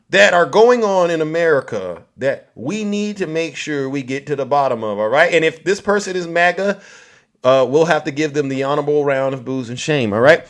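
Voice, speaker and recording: A man with a fairly high voice hosts a live stream. He mocks and hams things up, and he keeps talking straight to his chat. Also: lively intonation, normal speed. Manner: mocking, theatrical, talks to the chat.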